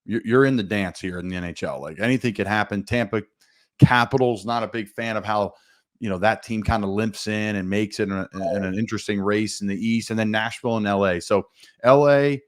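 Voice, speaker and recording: A man's voice: on the low side, a little fast. A man hosting a sports podcast, a former football player, asking eager, rambling questions in casual sports talk.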